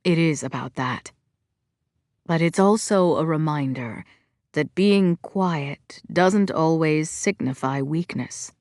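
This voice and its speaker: A woman reading an audiobook, voicing a gentle middle-aged father who speaks softly and calmly. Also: low voice, no room sound, studio quality, pitched below the performer's own voice. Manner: soft, calm, measured. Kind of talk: audiobook character voice.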